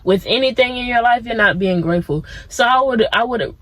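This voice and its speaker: A woman's voice: a little high, animated, brisk, a bit bright, rough recording. A young woman vlogging outdoors in a casual motivational chat that keeps wandering off into side thoughts. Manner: rambling, easily sidetracked, laid-back. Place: outdoors among plants.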